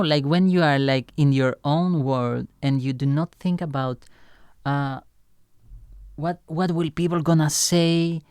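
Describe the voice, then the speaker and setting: Young guy rambling casually, lots of "like" and swearing, smooth voice, dry sound. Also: mid-range voice, a little mellow, no room sound. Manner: loose and chatty, heavy on "like" fillers and swearing. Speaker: music creator reacting to his own song.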